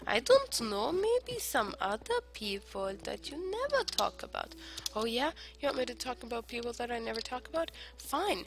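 A woman giving casual gameplay commentary, rambling in silly self-talk and arguing with herself, swinging between whispered asides and loud outbursts. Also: fairly high pitch, very animated, moderate pace. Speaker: gamer playing online survival matches. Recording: noisy home recording with clicks.

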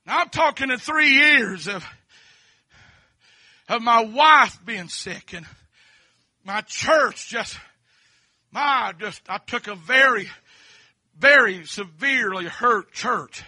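A middle-aged man preaches in a church sanctuary in a high, ringing, very bright voice. He drops amens between phrases and surges into shouts. His voice is close-miked and dry, with no echo. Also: expressive. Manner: fervent, fills pauses with repeated amens, shouts at peaks. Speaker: pastor. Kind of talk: holiness sermon.

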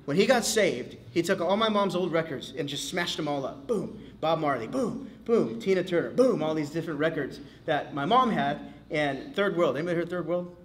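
Brief: male pastor, casual animated teacher, slightly high-pitched, loose conversational delivery. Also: moderate pace, few pauses. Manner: animated, casual, acts out quotes, many fillers. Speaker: pastor leading a men's Bible study.

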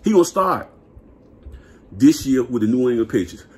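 A man vlogging a hyped, slangy football rant, laughing and repeating himself in his excitement. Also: medium pitch, normal speed. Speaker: sports vlogger.

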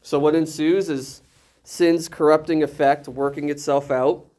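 A male pastor preaching an animated sermon, full of jokes and rhetorical questions. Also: fairly high pitch, measured pace.

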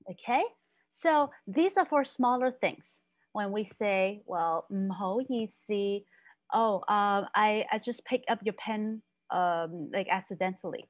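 A woman teaching a language lesson, explaining patiently and repeating phrases slowly. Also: medium pitch, no room sound. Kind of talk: slow, careful language lesson.

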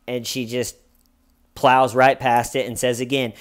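A man's voice: medium pitch, little pitch movement, moderate pace, clean tone. A man giving casual true crime commentary in a wry, sarcastic way, often acting out what people said.

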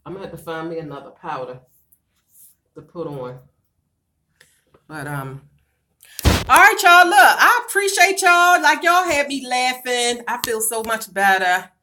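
Deep-voiced yet fairly bright in tone, this middle-aged livestream vlogger carries a Baltimore, USA accent. She's sassy and chatty on her casual stream, addressing viewers as girl and child.

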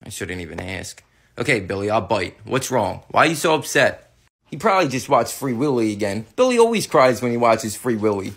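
A woman voicing a sarcastic, deadpan older teenage brother in a comedy skit. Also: a bass voice, fairly quick, husky, pitched below the performer's own voice, exaggerated voice.

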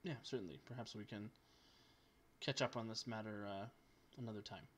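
A man voicing a dashing, courteous young man who speaks softly. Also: fairly low pitch, brisk, a little hiss or hum, close to an everyday voice. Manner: soft-spoken and courteous.

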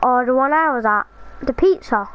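A young woman chatting casually while playing an online game, excitable and jumpy, with squealing reactions. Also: high voice, moderate pace, a little hiss or hum, low-quality recording. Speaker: gamer. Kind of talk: casual gaming chat.

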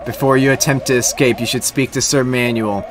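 A man's voice: mid-range voice, fairly even intonation, fairly quick, background noise, lightly acted. A man reads a stately woman guide addressing a hero in a video game. The lines come out formal and proclaiming, in a fairly plain voice.

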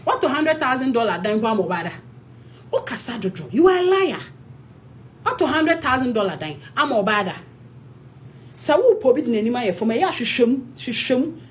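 Scolding Ghanaian woman, animated pitch. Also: moderate pace, a little hiss or hum. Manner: confrontational, scolding, mixes English with Twi. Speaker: actress. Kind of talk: heated social media rant.

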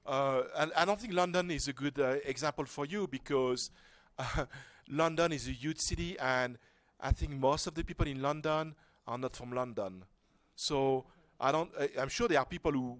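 A man's voice: medium pitch, no room sound. A man giving an informal lecture to a workshop class, talking casually with restarts and asides. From France. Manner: conversational, rambling with restarts and rhetorical questions.

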